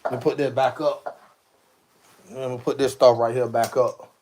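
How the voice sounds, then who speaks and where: A man's voice: medium pitch, level tone, normal speed, a little mellow, slight background noise. A man chatting casually on a live stream, exclaiming to himself as he goes through jerseys. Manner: drawling, exclaiming to himself while sorting jerseys.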